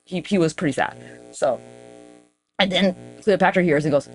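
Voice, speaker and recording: Brief: woman podcast host, mid-pitched voice, rambling and profane, solo casual monologue. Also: big pitch swings, brisk, creaky, faint music behind.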